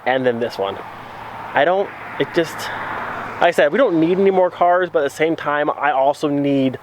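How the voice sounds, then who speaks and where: Casual male vlogger, slightly higher voice, talks things through out loud, outdoors with faint background noise. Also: moderate pace. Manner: chatty, thinks out loud, addresses viewers as friends. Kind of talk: casual vlog chat to camera. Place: outdoors by a car trailer.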